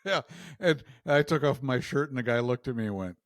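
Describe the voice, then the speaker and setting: A man's voice: medium pitch, lively intonation, brisk, dry recording, studio quality. A man co-hosting a casual talk show, joking about himself with a wry sense of humor. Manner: wry, self-mocking humor, laughs often. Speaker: podcast co-host. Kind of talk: casual chat.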